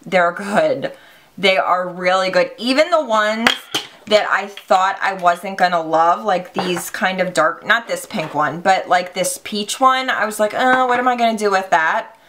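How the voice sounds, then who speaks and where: A woman beauty vlogger giving a casual, excitable makeup review, gushing and swearing lightly. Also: mid-range voice, measured pace, a little hiss or hum.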